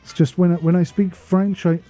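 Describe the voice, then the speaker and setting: A man's voice: high-pitched, little pitch movement, fairly quick, dark tone, faint music behind. An English man rambling through a casual gameplay commentary voice-over, chatty and self-deprecating, often wandering off on tangents. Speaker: gaming channel host.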